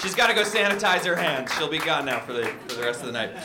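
A man's voice: fairly high pitch, expressive, fast talker. A man hosting a comedy night, introducing the next comedian and hyping up the crowd. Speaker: comedy show host. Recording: echoey room with music and crowd noise.

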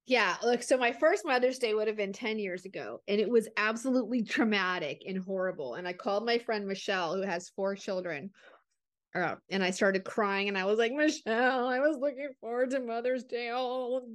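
A woman co-hosting a podcast, telling personal stories in an animated way and laughing often. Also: medium pitch, a little fast. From desert region. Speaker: podcast co-host. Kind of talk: casual storytelling.

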